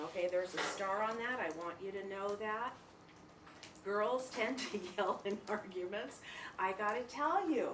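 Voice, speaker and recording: A middle-aged woman lecturing a class in a chatty, animated way, laughing as she tells stories. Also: on the high side, slight background noise. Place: lecture room.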